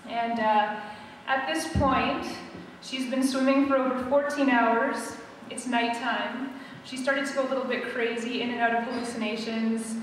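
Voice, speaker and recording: At a live event in an opera centre hall, a woman author chats to introduce her novel and then reads a first-person scene aloud. Her voice is on the high side with fairly even intonation, at a normal speed. The echoey hall is recorded from far off, with a little hiss or hum.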